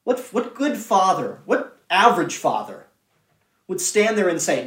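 A man's voice: high-pitched, very animated, a little slow. Earnest male preacher in echoey room. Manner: earnest, swings from raised emphasis to hushed pleading. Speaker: pastor. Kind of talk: sermon. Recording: echoey room, mic at a distance.

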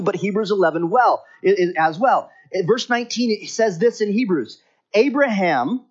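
A man preaching a sermon with slow, stressed phrases. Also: sits high, breathy edge. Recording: slightly dull lo-fi recording.

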